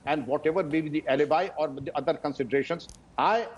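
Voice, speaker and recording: A man in his sixties with an Indian accent, a retired police officer speaking as a panelist in a TV news debate in a deliberate, formal, emphatic way. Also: on the high side, muffled recording.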